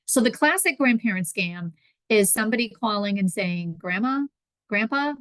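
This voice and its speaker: A woman's voice: medium pitch, expressive, normal speed, a bit bright, no echo. A woman giving a conversational public presentation on consumer protection, acting out callers and victims in quoted voices.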